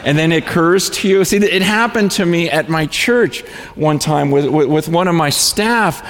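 A man preaching as a pastor, telling stories in an animated way with frequent restarts and stammers. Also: fairly high pitch, moderate pace, big-room sound. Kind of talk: storytelling sermon.

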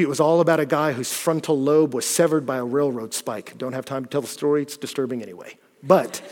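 A man preaching a sermon, animated and shifting from loud bursts to hushed, earnest passages. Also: medium pitch. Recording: long hall reverb.

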